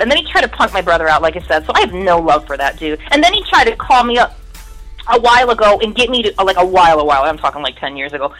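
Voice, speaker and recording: A woman's voice: lowish voice, very fast, soft background music, poor audio. A woman guest in casual chat, telling stories bluntly with lots of swearing and acted-out voices. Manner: blunt, profane storytelling with lively mimicry.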